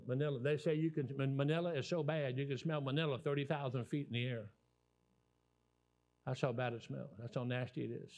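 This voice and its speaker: Folksy Southern preacher in his sixties. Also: medium pitch. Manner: folksy, animated storytelling with rambling restarts. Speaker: guest preacher. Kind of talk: sermon.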